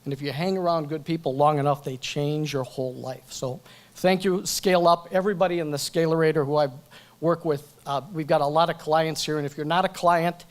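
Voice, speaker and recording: A man's voice: on the high side, fairly even intonation, fairly quick. A man giving a joking, chatty acceptance speech at a banquet event, talking into a microphone and going off script. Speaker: award recipient.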